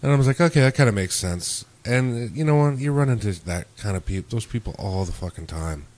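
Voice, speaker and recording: Male podcast host, mid pitch, casual and profane, animated storyteller. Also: fairly quick.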